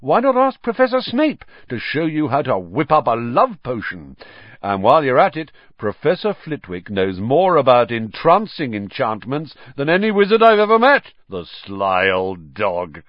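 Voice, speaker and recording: A man's voice: mid-range voice, huge pitch swings, moderate pace, dry recording, dull audio, voice pushed up. A man voicing a vain, flamboyant male wizard teacher in a theatrical, gushing manner.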